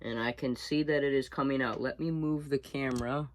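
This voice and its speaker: A man's voice: mid-range voice, fairly even intonation, fairly quick. Young man talking through a workshop job. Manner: talks through each step while working. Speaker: student demonstrating a workshop task. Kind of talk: casual hands-on demonstration.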